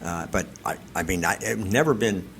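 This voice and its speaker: A man with a lowish voice co-hosts a talk radio show and speaks in a plain, opinionated way. He talks conversationally, with a faint layer of background ambience behind him. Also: brisk, fairly bright tone, a little hiss or hum. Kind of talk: casual talk radio chat.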